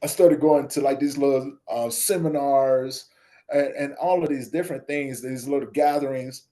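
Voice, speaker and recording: A man talking through a personal story on an interview show. He slips into softer, lower tones when he quotes the people in his tale. At other moments he lifts his voice and gets loud and lively. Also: moderate pace. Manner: animated storyteller, acts out dialogue with voice shifts; drops soft and low when quoting others. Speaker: podcast guest, nonprofit founder.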